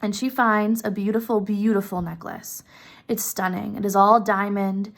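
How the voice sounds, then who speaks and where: A woman's voice: mid-range voice, steady tone, normal speed, vocal fry. A woman casually retelling a classic story, chatty and openly opinionated about the characters.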